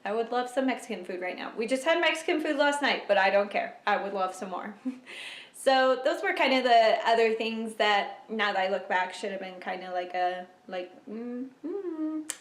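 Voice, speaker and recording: A young woman vlogger chatting casually to camera at home, emotional and quick to laugh. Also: mid-range voice. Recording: echoey room.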